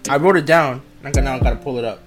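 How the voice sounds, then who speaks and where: A man's voice: mid-range voice, music in the background. A young man co-hosting a casual podcast, giggling and stumbling over his words while he jokes. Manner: giggly, halting, repeats himself while joking. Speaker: podcast co-host.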